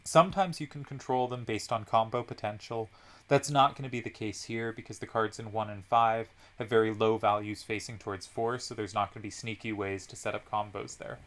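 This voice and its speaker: A man's voice: lowish voice, steady tone, a little fast, a bit bright. A man commentating a card game tournament, analyzing each move step by step with frequent ums.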